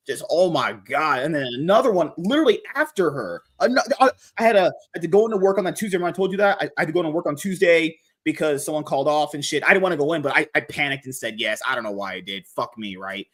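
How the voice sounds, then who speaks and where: Man, podcast host, casual rant, frequent swearing, restarts, somewhat high pitch. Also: quick pace, hardly any pauses. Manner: animated, swears freely, rambles with restarts.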